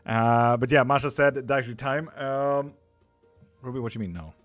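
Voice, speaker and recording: A man's voice: mid-range voice, normal speed, dry recording, faint music behind. A man, a tarot reader hosting a live stream, chatting loosely with viewers, swearing and laughing often.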